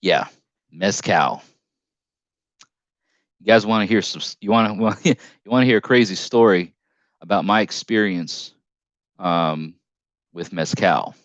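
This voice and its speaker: A man's voice: deep voice, a little slow, pauses often, no echo, dull audio. A man hosting a casual live stream, reading chat comments aloud in a rambling, jokey way with frequent restarts.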